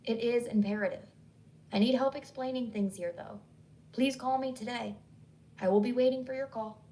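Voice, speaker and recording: A woman voicing an insistent Southern woman with a Southern accent, who stays calm while she presses hard. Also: fairly high pitch, moderate pace, recorded from a distance, slight background noise, lightly acted. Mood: urgent, insistent. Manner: calm but pressing, pleading.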